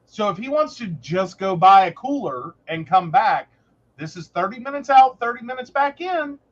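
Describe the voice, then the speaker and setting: A woman co-hosts a relaxed chat and tells stories with real animation, slipping into little voices for the people involved. Her pitch rises and falls a lot. The recording sounds muffled and lo-fi. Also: normal speed. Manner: animated, storytelling with lots of voices. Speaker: podcast co-host, psychic. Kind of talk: casual chat.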